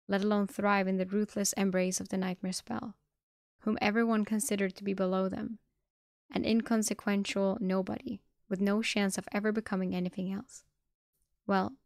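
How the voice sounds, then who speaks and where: A woman streamer reading a novel aloud with a dramatic delivery, sometimes breaking into excited reactions. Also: mid-range voice, vocal fry, no room sound, studio quality. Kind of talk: live-streamed audiobook reading.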